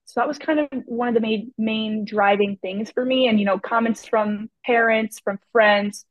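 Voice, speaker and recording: A young woman sharing her story as a podcast guest, speaking candidly and chattily in a fairly high voice. The recording is dull and lo-fi. It is also very dry, with no room sound at all. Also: moderate pace, no echo. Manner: candid, chatty, frequent "like" and "you know". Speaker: guest, personal trainer. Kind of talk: casual podcast chat.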